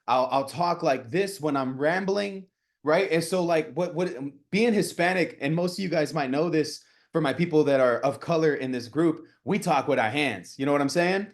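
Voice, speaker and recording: A man in his thirties coaching a live group on real estate cold calling, energetic and talking with his hands, often checking in with "right?". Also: on the high side, moderate pace.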